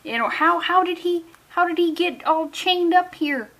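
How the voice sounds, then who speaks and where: A woman voicing a puzzled, folksy character with a deliberately exaggerated Milwaukee accent. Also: very high voice, fairly bright tone, pitched above the performer's own voice. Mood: baffled. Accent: Milwaukee put-on. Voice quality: exaggerated regional drawl.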